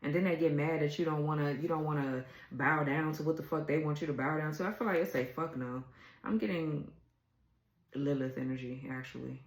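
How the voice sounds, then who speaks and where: A woman's voice: low-pitched, a little fast, roomy sound, poor audio. A woman doing a casual tarot reading, blunt and exasperated, swearing freely as she reads the cards. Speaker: tarot reader.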